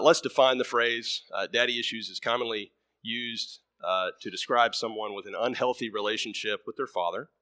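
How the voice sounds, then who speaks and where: A man's voice: on the low side, bright, forceful tone, dry recording, clean studio sound. A man preaching a sermon in a conversational way, full of ums and uhs, who tells a story and lightly acts out its voices.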